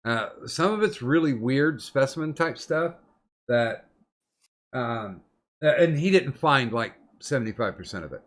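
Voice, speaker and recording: A man's voice: medium pitch, lively intonation, a little slow. Profane rambling male podcast host. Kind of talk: casual chat.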